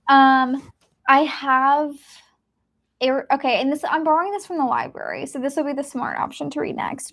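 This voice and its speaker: High, gravelly-voiced woman chatting. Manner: rambling, chatty, many fillers and little laughs. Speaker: book streamer host. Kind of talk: casual live stream chat. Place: at home during a reading live stream.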